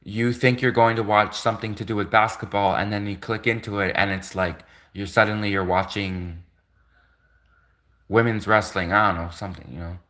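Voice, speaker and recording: Male streamer from Canada, bright tense tone, rambling chat full of fillers. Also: lowish voice, fairly even intonation, normal speed. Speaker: livestreamer. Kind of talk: casual rambling livestream chat.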